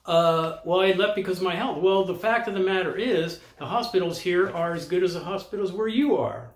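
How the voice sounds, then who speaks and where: A man's voice: high voice, brisk. An older man, a vlogger, talks bluntly and casually to camera, challenging the viewer directly. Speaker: vlogger giving expat advice. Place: lives in Costa Rica. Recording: roomy echo.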